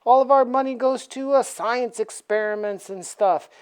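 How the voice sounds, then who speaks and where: Brief: woman playing stuffy comic-book scientist man, huffy and lecturing, pitched up. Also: moderate pace, smooth, lightly acted. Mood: defensive. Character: stuffy adult male scientist team leader.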